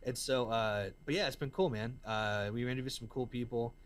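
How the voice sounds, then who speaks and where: With a mid-range voice and a fairly quick pace, this man from the American South guests on an interview, telling stories in casual slang. He's an excitable musician and entrepreneur who says "man" and "dude" a lot.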